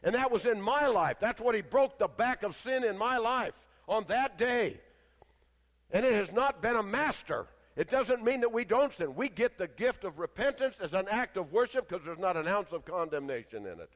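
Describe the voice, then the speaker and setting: A male preacher with a high voice delivers a sermon in a large church, his words trailing off into a long hall reverb. He swings from loud, declaiming passages to hushed near-whispers. The recording has a dull, lo-fi sound. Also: animated, moderate pace.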